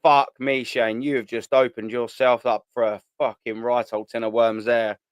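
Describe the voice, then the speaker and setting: A man's voice: mid-range voice, level tone, moderate pace, smooth, dry recording. A man hosting a live fan stream, chatting bluntly in slang, swearing and repeating himself as he reads out viewer comments. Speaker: host of a live fan show. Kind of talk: casual live-stream chat reading comments.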